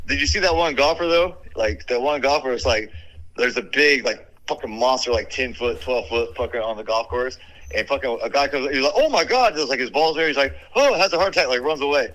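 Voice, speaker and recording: A man's voice: mid-range voice, brisk, fairly bright tone, low-quality recording. A man in casual, profane chat, telling rowdy stories and acting out the voices of people and animals. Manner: rowdy storytelling, acts out voices, swears constantly.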